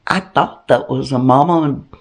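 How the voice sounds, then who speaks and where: A woman putting on a naive, flirty country woman, telling a comedic story in a slow drawl. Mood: gossipy. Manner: slow drawl with wildly swooping pitch. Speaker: channel host in a character. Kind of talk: comedic character monologue.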